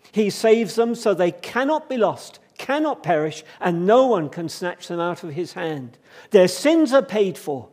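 Male preacher with a high voice, delivering a sermon with emphatic repetition and swings between quiet and fervent.

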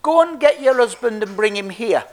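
A man's voice: very high voice, animated, moderate pace, voice pushed up. An Englishman voicing Jesus with plain, direct requests. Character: calm, plain-spoken Jesus.

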